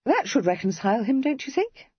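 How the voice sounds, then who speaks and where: A woman's voice: high voice, sing-song, husky, no echo, lo-fi sound, pitched above the performer's own voice, exaggerated voice. Narrator voicing a teasing young Regency lady. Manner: playful, teasing, quick-witted. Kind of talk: audiobook character reading.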